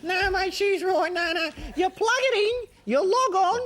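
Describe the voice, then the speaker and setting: A man's voice: very high voice, expressive, a little slow, a bit bright. A man playing a dim presenter, rambling with fillers and laughs. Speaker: comedy sketch presenter. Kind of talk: comic sketch chat.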